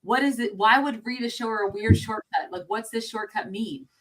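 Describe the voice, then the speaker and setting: A woman's voice: on the high side, moderate pace, fairly bright tone. A woman co-hosting a casual film discussion, thinking aloud and rambling with frequent restarts. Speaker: co-host.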